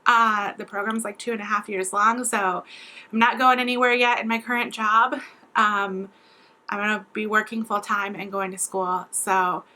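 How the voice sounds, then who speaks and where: Young female beauty vlogger, casual chatter to camera, crisp, forward voice. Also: medium pitch, level tone, moderate pace, bright, forceful tone, poor audio. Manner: chatty, rambling with many fillers. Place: at home, indoors.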